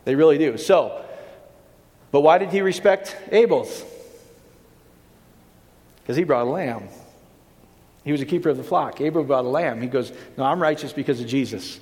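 Male preacher, slightly high voice, conversational sermon delivery, long hall reverb. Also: normal speed, long pauses, darkish tone. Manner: conversational, checks in with the audience.

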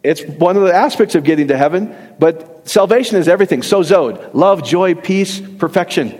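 A middle-aged man with a high-pitched, darkish voice, lively intonation, and a moderate pace preaches a joking sermon in conversational style. He often puts questions to the congregation and laughs at his own jokes, while the church hall adds long reverb.

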